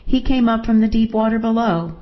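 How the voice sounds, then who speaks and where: A woman's voice: fairly high pitch, brisk, lo-fi sound, pitched above the performer's own voice, lightly acted. A woman playing an insistent shaken wife. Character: shaken wife recounting her rescue.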